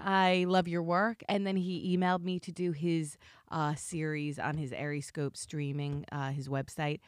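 Bubbly actress lady gushing on a podcast, swoops high and low, dry close mic. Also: no echo. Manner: bubbly, effusive, lots of fillers and big pitch swings. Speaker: actress guest. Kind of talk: casual podcast interview.

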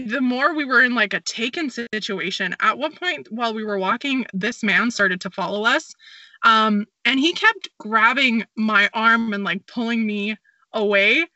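A young woman chats casually about travel, her voice very bright and forward with a slightly high pitch. She fills her talk with "um" and "like" and slips into giggles. The recording sounds dry and a little dull. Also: no room sound. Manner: chatty, lots of fillers, giggly storytelling.

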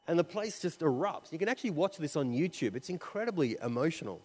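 A man delivers a sermon in a loose, storytelling way, full of fillers and restarts. His voice sits a little on the high side. The recording carries a long reverb, as in a large hall. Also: big pitch swings, quick pace, hardly any pauses, a little mellow. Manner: conversational, with frequent fillers and restarts. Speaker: preacher.

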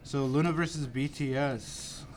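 A man's voice: medium pitch, fairly even intonation, a little slow, darkish tone. A man co-hosting a casual chat in a restaurant, playful and teasing as he argues his point. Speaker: podcast co-host.

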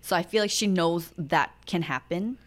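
A young adult woman co-hosting a podcast, chatting candidly about family life and bringing each moment to life by acting out what was said. Her voice sits fairly low for a woman. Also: normal speed. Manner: candid, chatty storytelling with acted-out quotes. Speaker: podcast co-host. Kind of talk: casual chat.

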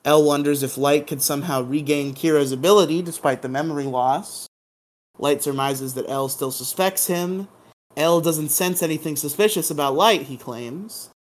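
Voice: mid-range voice, normal speed. A podcast co-host giving a casual, playful recap of a drama episode, humming dramatic sound effects and laughing along the way.

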